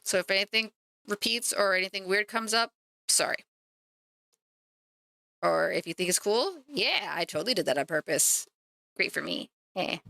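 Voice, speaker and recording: A woman chats to her stream while she paints, joking at her own expense. Her voice is bright and forward. The sound is dry and close, with no room echo. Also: mid-range voice, lively intonation, moderate pace, vocal fry, long pauses. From Canada. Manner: chatty and self-mocking, talking to chat while working. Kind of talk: casual livestream chat.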